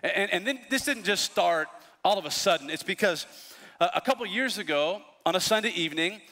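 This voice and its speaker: A pastor in his thirties preaching a sermon, telling stories with lively asides. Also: high-pitched, a little fast. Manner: animated storytelling, lively asides. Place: large church hall. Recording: long hall reverb.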